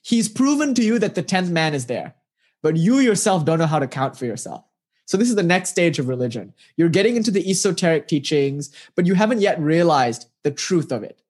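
A spiritual teacher giving a talk built around parables. The speaker is animated and casual, with plenty of fillers, and keeps turning to the listener with rhetorical questions. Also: mid-range voice, a little fast.

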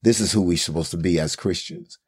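A man's voice: sits low, brisk, breathy edge, no room sound, studio quality. A man in a casual Bible study discussion, talking earnestly in a preacherly way and building up lists of phrases. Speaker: co-host of a Bible study talk.

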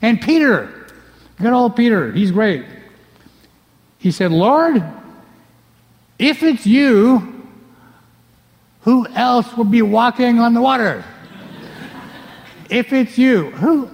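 Animated preacher in a reverberant hall. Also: male voice, extremely high pitch, takes it slowly, vocal fry, pauses often. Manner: animated, acts out scenes, swings from loud to hushed. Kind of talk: sermon. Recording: long reverb of a large hall.

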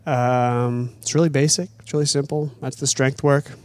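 A man's voice: medium pitch, fairly even intonation, moderate pace. A man coaching athletes on an off-season training program, explaining it plainly in casual chat and pressing hard on the value of running.

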